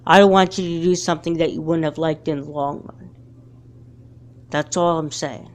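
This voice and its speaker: A woman's voice: sits low, normal speed, slight background noise, close to an everyday voice. A woman voicing a middle-aged father who patiently lectures his daughter in a fan doll movie. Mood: calm lecturing. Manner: calm, lecturing. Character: stern but caring father, middle-aged man.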